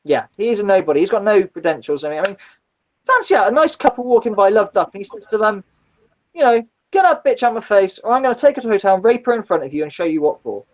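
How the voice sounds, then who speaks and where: A woman's voice: medium pitch, lively intonation, quick pace, lo-fi sound. A woman telling stories about her old driving jobs in casual chat, blunt and swearing, acting out the people she met. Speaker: guest, former taxi driver. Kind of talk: casual storytelling in a live chat.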